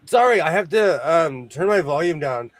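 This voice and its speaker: Lively high-pitched man hosting a chat. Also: normal speed, no room sound. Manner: chatty, greets viewers by name, jokes about himself. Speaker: host of a live sewing stream. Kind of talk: casual chat.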